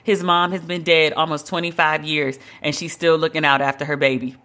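A woman's voice: low-pitched, flat delivery, fairly quick, fairly bright tone. A woman hosting a solo podcast, talking in a blunt, emphatic, conversational way and drawing out the words she stresses. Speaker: podcast host.

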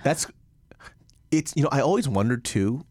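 A man in casual podcast chat, easygoing and profane, dropping to a low murmur while telling stories. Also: lively intonation, normal speed, a little mellow, breathy edge, no echo.

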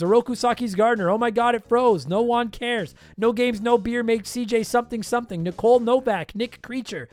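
Speaking in a very high voice with no room sound, a man hosts a podcast and quickly runs through a long roster of patron names. He keeps things casual and jokey, poking fun at himself, while his voice sounds worn and tired.

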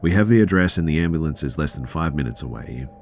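A calm female emergency dispatcher coaches a caller in steady, measured tones, as a male narrator puts her on. The delivery stays very deep and level. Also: vocal fry, a little hiss or hum, full character voice. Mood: reassuring.

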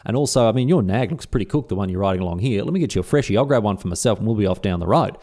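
A friendly, laid-back young herdsman with an Australian accent, as a man puts him on. He talks in easy slang, his fairly low voice moving up and down a lot. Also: expressive, very fast, darkish tone. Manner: easygoing, slangy.

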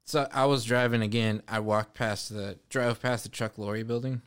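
A man's voice: mid-range voice, fairly even intonation, moderate pace, smooth. A man co-hosting a podcast, telling stories in casual chat and laughing often. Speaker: podcast co-host.

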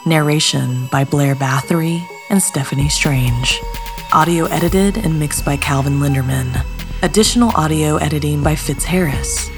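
A woman podcast host reading the credits and sign-off in a slow, hushed, whispery manner. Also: low voice. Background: music.

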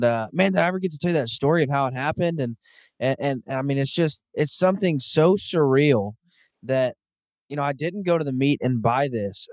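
A man's voice: fairly high pitch, a little mellow, no echo, studio quality. A man in his thirties hosting a casual podcast, talking earnestly and enthusiastically with frequent "um"s. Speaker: podcast host. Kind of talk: casual hunting podcast chat.

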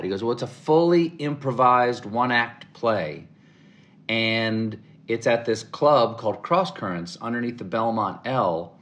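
A middle-aged man from the American South, a guest in an interview, telling animated stories and acting out the voices he quotes. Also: on the low side, unhurried. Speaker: interview guest, comedic actor. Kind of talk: casual interview storytelling.

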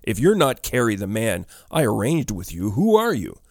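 A man's voice: fairly low pitch, expressive, normal speed, a little mellow, no echo, clean studio sound. A man voicing a frightened young woman researcher who asks in a raised, breathless, pleading voice.

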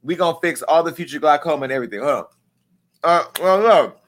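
Male vlog host, joking gossip commentary, salty and lively, slightly high voice. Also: quick pace. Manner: animated, profane, joking.

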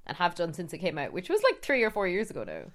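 A woman's voice: on the low side, huge pitch swings, fast talker. A woman co-hosting a casual chat with her husband at home, playful and teasing. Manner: playful, teasing, laughs often. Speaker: podcast co-host. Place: home sofa.

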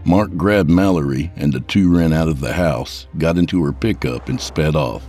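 Deep-voiced male narrator for horror fiction, measured, faint music bed. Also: darkish tone. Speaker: storyteller.

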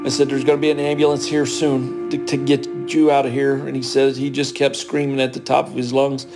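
A man's voice: medium pitch, monotone, brisk, over music. A man interviewed as a coworker, plain-spoken and repeating phrases as he retells events. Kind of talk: recounted interview testimony.

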